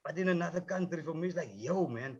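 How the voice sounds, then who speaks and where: A man's voice: fairly high pitch, fast talker, darkish tone, lo-fi sound. A man, a rapper on a panel, talking with passion and heat, swearing often and repeating himself. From South Africa. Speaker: rapper, film subject. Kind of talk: heated panel discussion.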